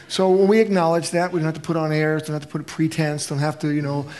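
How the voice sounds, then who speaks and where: A man leading a church interview, speaking in a gentle preaching tone and asking probing questions. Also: a little high, little pitch movement, quick pace.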